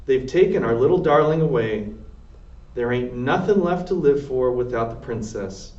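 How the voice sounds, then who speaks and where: A man voicing a distraught, ferocious woman cook in a read-aloud storybook, with loud, high-pitched wailing outbursts. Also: lively intonation, normal speed, lightly acted. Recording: roomy, distant, dull lo-fi sound.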